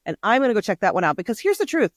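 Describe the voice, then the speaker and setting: A woman's voice: medium pitch, sing-song, rapid-fire, no echo. Chatty woman podcast co-host, dry sound. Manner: chatty, rambling, laughs often. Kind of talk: casual chat.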